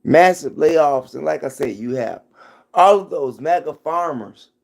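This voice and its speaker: Slow, animated man ranting. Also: fairly high pitch, gravelly. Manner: emphatic, preachy, repeats punchlines. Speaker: vlogger. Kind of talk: opinionated commentary vlog. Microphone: phone.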